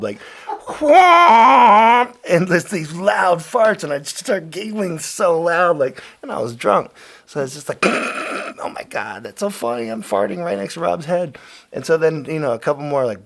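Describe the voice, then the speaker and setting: A man hosting a podcast, telling a story in a loose, animated way, laughing and swearing freely. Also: a little high, breathy edge. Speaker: podcast host. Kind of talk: casual storytelling.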